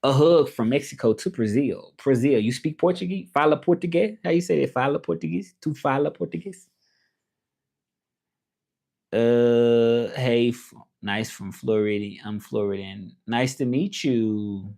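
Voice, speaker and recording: A man's voice: mid-range voice, a little slow, creaky, a little mellow. A man from Tennessee with a Southern accent, chatting casually on his livestream and answering viewer comments aloud. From Tennessee, USA. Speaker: livestream host and interpreter.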